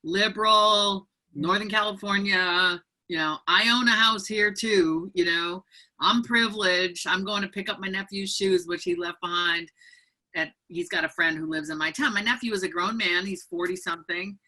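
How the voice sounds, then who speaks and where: A woman's voice: mid-range voice, normal speed. A woman author speaking as a guest over a video call, animatedly telling a story and reading from her book. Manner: animated, acts out other people's voices.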